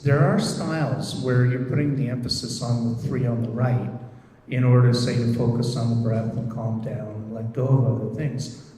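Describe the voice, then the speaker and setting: A man who leads meditation groups, giving a gentle, reflective talk with many pauses and fillers. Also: mid-range voice. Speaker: meditation group leader and therapist. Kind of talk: recorded presentation. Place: lecture room. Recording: echoey hall, distant mic.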